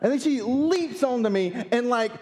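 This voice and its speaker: A man in his thirties, a pastor telling a funny, animated story during a sermon. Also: very high voice, normal speed, very noisy. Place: church sanctuary. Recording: long hall reverb.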